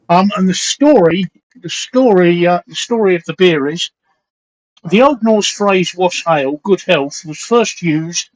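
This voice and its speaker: A man hosting a live stream in casual chat, rambling and hesitant, reading aloud with many pauses. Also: sits high, poor audio. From London.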